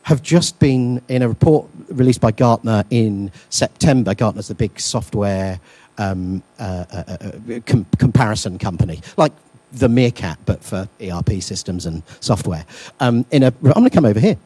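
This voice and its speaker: A man's voice: fairly low pitch, animated, moderate pace, mellow, slightly rough, dry recording. A man giving a conference workshop talk, joking and self-deprecating, with many ums and uhs. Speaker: workshop speaker. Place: lecture room.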